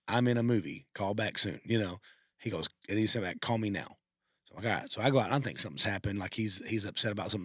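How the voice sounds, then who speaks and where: A man with a somewhat low voice talks quickly through an emotional personal story, stumbling and restarting as he goes. The sound is dry and close, with no room echo. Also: fairly bright tone, slightly rough. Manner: emotional, heartfelt, rambling with restarts. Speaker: podcast co-host. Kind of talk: casual storytelling.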